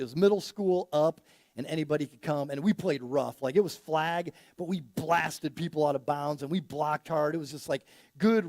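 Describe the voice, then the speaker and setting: A man's voice: a little high, a little mellow, dry recording. A man preaching a casual, story-driven sermon as a pastor, acting out quoted dialogue with rising energy.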